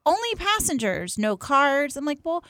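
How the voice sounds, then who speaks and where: A woman co-hosting a podcast in casual chat, telling a lively story with acted-out quotes and asides. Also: mid-range voice, moderate pace. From East Coast of the US. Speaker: podcast co-host.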